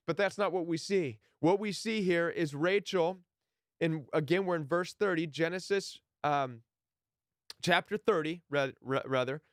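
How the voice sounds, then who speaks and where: A man's voice: fairly high pitch, a little slow, a bit bright, no echo, clean studio sound. A man teaching a Bible passage in a sermon style, earnest and emphatic, briefly acting out the people he quotes.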